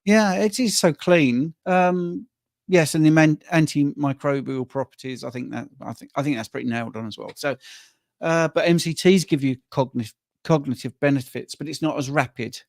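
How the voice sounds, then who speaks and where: A man's voice: on the high side, moderate pace, gravelly, darkish tone, dry recording, studio quality. A man from Wales hosting a live question-and-answer chat about diet, talking in a chatty way and often restarting words. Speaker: carnivore diet coach and host.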